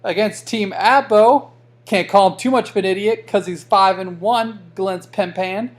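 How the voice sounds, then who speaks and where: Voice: mid-range voice, unhurried. A fantasy football league commissioner giving a casual weekly recap, joking and trash-talking the teams with lots of fillers.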